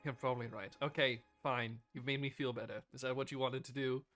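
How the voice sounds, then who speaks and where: A weary noble who speaks plainly and doesn't mince words, played by a man at the table. The voice sits at an everyday middle pitch. A faint bed of music runs underneath. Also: level tone, a little fast, fairly bright tone, close to an everyday voice. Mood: weary, frank. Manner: frank, plain-spoken, swears easily. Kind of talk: tabletop role-play in character.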